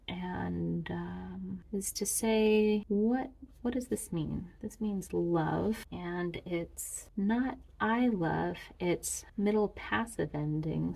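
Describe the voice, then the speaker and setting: A woman reviewing her own Greek lessons in a self-made tutorial, chatty and thinking aloud as she slowly sounds out words. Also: fairly low pitch, creaky, warm tone, breathy edge, rough recording.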